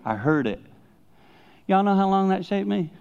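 A middle-aged man preaching a sermon in a conversational storytelling way. He drops to hushed tones to stress a point. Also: high voice, animated, moderate pace, vocal fry, clear, resonant tone, highs cut off. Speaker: pastor and speaker.

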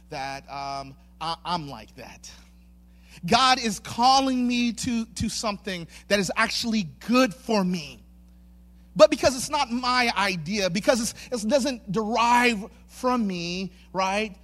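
High-voiced pastor telling a funny story. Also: male voice, animated, a little slow, fairly bright tone. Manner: humorous, self-mocking storytelling; acts out voices in his stories. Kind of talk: sermon with a personal story.

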